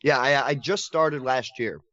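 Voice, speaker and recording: An excitable man gushes through a casual podcast chat, laughing often. His voice sits at an ordinary middle pitch. The recording is dry and a little dull, like lo-fi audio. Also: a little slow, dry recording. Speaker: podcast co-host covering horror collectibles.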